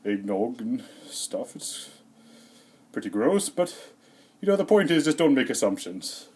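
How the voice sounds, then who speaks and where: A man doing a rambling, deadpan comedic monologue in character as Santa, hesitant and full of fillers, a little out of breath. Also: medium pitch, measured pace, a little hiss or hum. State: slightly out of breath.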